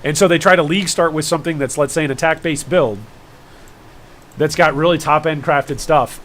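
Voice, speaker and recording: A man's voice: fairly high pitch, fairly bright tone. A man streaming a game live, chatting casually and rambling with jokey asides to his viewers. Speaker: gaming streamer.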